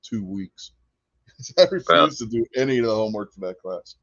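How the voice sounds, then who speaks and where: A man's voice: mid-range voice, animated, normal speed, gravelly, a bit bright, no echo, highs cut off. A man co-hosting a casual podcast chat, sarcastic and teasing, laughing often. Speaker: podcast co-host.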